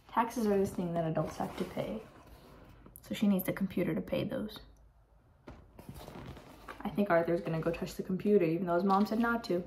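A woman's voice: mid-range voice, moderate pace, pauses often, slight background noise, poor audio. A teenage girl reading a picture book aloud to young listeners, giving the characters voices and adding chatty asides. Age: teens. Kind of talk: read-aloud storytime with asides.

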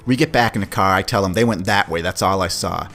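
A middle-aged man, hosting a podcast and telling a story from his childhood in a casual, animated way, swearing freely. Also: deep voice, fast talker. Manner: animated, swears, acts out quoted voices. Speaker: podcast host. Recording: faint music behind.

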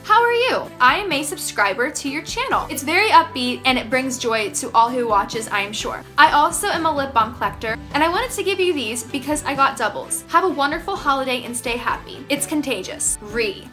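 A young woman vlogging, gushing and gasping with excitement as she talks to her viewers. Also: high voice, normal speed, soft background music. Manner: gushing, gasping, easily thrilled. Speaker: beauty vlogger. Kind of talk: excited casual vlog talk.

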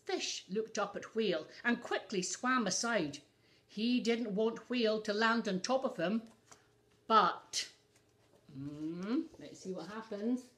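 A woman's voice: medium pitch, slow, fairly bright tone. A woman reading a picture book aloud to children, adding asides for young listeners. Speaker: storyteller.

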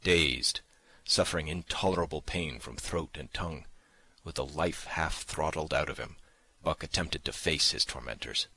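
Male audiobook narrator, very deep, forceful, dry studio sound. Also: breathy edge, no echo. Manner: measured, dramatic reading. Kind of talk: scripted narration.

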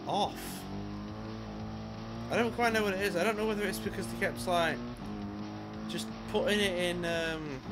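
A man's voice: high-pitched, fairly even intonation, normal speed, long pauses, over loud music. A British man giving let's-play commentary on a video game, muttering with exasperated, sarcastic remarks and the odd swear word. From Britain. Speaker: gamer and video creator.

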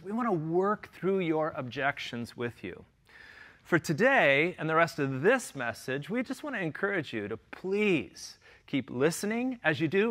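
A man's voice: fairly high pitch, a bit bright. A middle-aged man, a pastor preaching a sermon in an earnest way, asking his listeners question after question.

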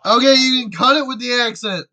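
A man talks loosely over his gameplay, narrating his moves between jokes. His voice sits high with a bright, sharp edge. The tone is casual and irreverent, with frequent swearing. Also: fairly quick. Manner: chatty, jokey, swears freely. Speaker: gamer.

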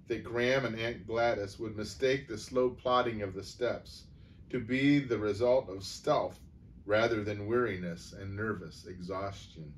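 A man reading a humorous story aloud in an unhurried, wry way, with the odd small stumble. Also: fairly low pitch. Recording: voice from far off the mic, faint noise.

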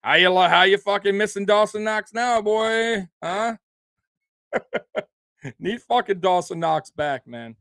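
A man's voice: high voice, slow pace, long pauses, pushed and bright, no room sound. Heated, profane male sports ranter. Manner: profane, heated, repeats himself, ends lines with "man" and "bro". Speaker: sports show host. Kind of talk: angry sports rant.

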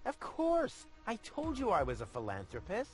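A man's voice: sits high, huge pitch swings, normal speed, faint music behind. A man voicing a cocky, sarcastic young male game hero who teases others in a smug way. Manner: smug and sarcastic, teasing, sings a boastful rap. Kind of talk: video game voice acting.

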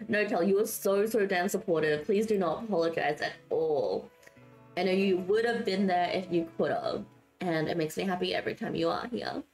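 A chatty woman streamer talks to her viewers while building, giggling freely between thoughts. Her voice still sounds sleepy from waking up, yet her pitch swings up and down a lot. The room has a noticeable echo, with faint music playing underneath. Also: expressive, moderate pace, a little mellow. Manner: giggly and chatty, reading out and answering chat. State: just woke up, voice not warmed up. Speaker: streamer building in a life-sim game. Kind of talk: casual live-stream chat with viewers.

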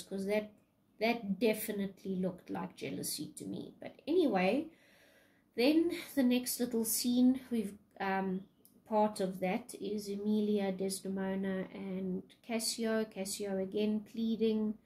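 A woman's voice: medium pitch, fairly even intonation, slow, a little mellow, poor audio. A woman English teacher casually retelling a play in a lesson, chatty, with many fillers.

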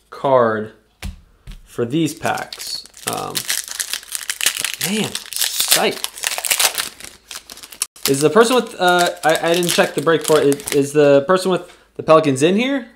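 Card break host, male, fairly high voice, excitable, loud whoops at big hits. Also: background noise. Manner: reads player names off cards. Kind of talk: live card break commentary.

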